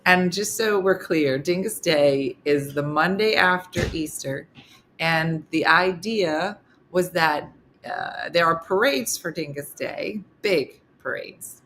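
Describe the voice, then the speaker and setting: A woman's voice: on the low side, slow pace, a little hiss or hum. A middle-aged woman hosting a morning show, telling comic stories in a casual, laughing way. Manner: animated, laughing, slips into character voices for quotes. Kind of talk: casual comedic storytelling.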